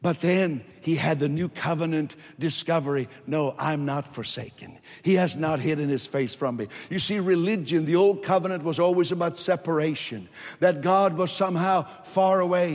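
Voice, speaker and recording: A male pastor preaching a sermon emphatically, swinging from loud declarations to hushed lines. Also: in a large hall. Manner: emphatic preaching, rising loud then dropping low.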